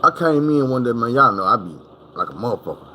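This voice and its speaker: A man telling a comic story, casual and animated, full of profane slang, jumping up high to reenact other people. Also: fast talker, slight background noise, low-quality recording.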